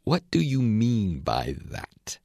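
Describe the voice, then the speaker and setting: A lazy, sleepy caterpillar drawls each word slowly and sternly from atop his mushroom, as a man reads him aloud. The voice swoops widely in pitch, set low, in a dry close recording. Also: wildly swooping pitch, vocal fry, darkish tone, dry recording, exaggerated voice. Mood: languid stern. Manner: slow, drawn-out, sleepy. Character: languid stern male caterpillar smoking a hookah.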